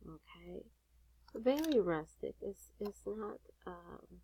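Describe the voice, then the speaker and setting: Taking her time and pausing often, a woman with a lowish, animated voice teaches jewelry-making in a step-by-step craft tutorial. She has a grandson, comes across sassy and chatty, and swears casually along the way.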